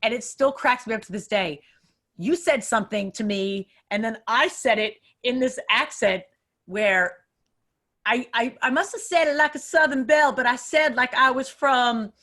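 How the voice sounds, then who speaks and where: A woman's voice: fairly high pitch, moderate pace. A young woman hosting a casual podcast chat, telling stories with lots of laughter. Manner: laughs often, animated storytelling. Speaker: podcast host.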